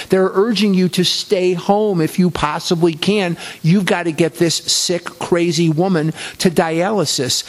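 A man telling his life story in an earnest way, repeating phrases for emphasis. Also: high-pitched. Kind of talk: personal storytelling talk.

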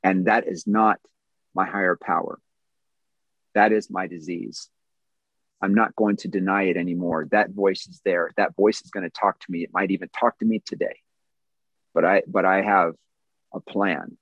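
A man's voice: sits low, fairly even intonation, normal speed, pauses often, a bit bright, dry recording, highs cut off. A man in his thirties giving an earnest, candid personal testimony at a recovery meeting, answering questions with small self-deprecating laughs.

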